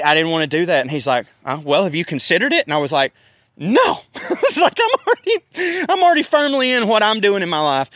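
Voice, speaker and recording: A man, telling a profane, animated story in a casual rant. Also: fairly high pitch, no room sound, studio quality. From American South. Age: 30s. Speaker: podcast host.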